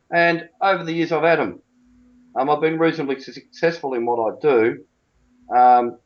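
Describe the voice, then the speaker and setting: A middle-pitched man talks in a blunt, emphatic and colloquial way, a cricket coach giving an interview. The recording sounds a little dull.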